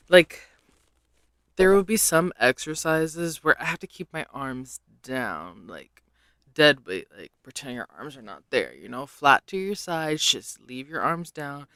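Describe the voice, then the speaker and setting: A man chats alone into a close mic at an unhurried pace, his voice bright and smooth. He rambles, second-guesses himself and trails off in hesitations. The sound is dry, with no room around it. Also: on the high side, dry recording. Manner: rambling and self-deprecating, full of hesitations. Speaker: podcast host. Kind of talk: casual solo podcast chat.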